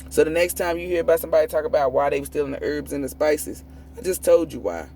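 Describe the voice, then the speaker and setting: A woman's voice: low voice, quick pace, creaky, warm tone, slight background noise. A woman tarot reader delivering a profane, preachy spiritual rant, emphatic and prone to repeating and restarting words when fired up. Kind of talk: ranting spiritual monologue.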